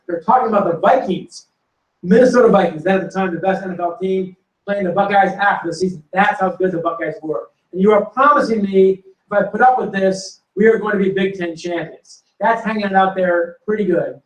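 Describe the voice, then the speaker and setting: A man telling animated football stories to an audience and acting out quotes and punchlines. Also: high voice, brisk. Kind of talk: storytelling to a live audience. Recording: roomy hall recording from a distance.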